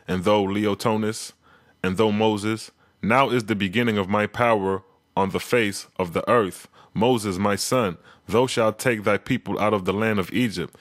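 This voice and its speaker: Deep-voiced man reading scripture solemnly. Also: no echo, clean studio sound. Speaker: scripture reader and commentator. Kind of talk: reading scripture aloud with commentary.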